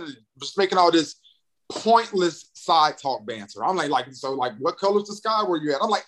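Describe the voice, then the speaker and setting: A young man from North Carolina, a radio and TV personality, guests on a podcast and tells a story with excitement. His voice is on the high side and a little fast, and he animatedly acts out the quoted voices while often repeating words.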